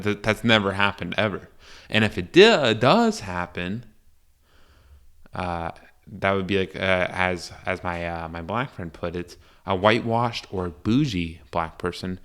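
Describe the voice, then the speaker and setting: A young man rambles his way through a solo podcast, crude and full of restarts and fillers. His voice sits low but comes out bright and clear. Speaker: podcast host. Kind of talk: casual solo podcast monologue.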